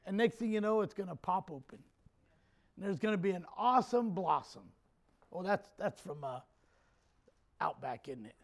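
A male pastor preaching a sermon to his church, animated, swinging from quiet jokey asides to loud shouts. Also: sits high, normal speed, pauses often.

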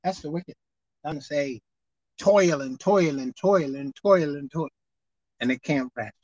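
A woman preacher giving a televised sermon, animated and swinging between loud exclaiming and low murmuring. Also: takes it slowly, no echo, dull audio.

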